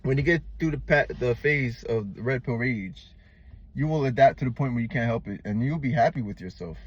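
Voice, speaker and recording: A man's voice: medium pitch, animated, fairly quick, breathy edge, muffled recording. A man giving blunt, profane, slangy relationship advice to the camera, calling the viewer "man" and "bro". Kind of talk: unscripted advice monologue.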